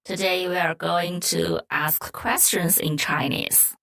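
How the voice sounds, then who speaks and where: Slow, low-pitched woman teaching Mandarin. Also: steady tone, fairly bright tone. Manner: slow, clear, repeats example phrases. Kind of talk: scripted language lesson.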